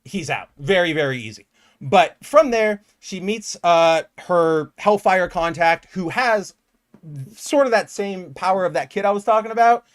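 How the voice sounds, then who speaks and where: A man's voice: high voice, lively intonation, unhurried. A young man co-hosting a casual comic book podcast, talking animatedly and acting out quoted lines. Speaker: podcast co-host.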